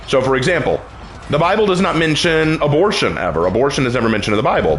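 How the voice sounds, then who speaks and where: A man's voice: mid-range voice, a bit bright, echoey room, a little hiss or hum. A man preaching emphatically and repetitively while playing a video game. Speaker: gamer streaming gameplay. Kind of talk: casual preaching while gaming.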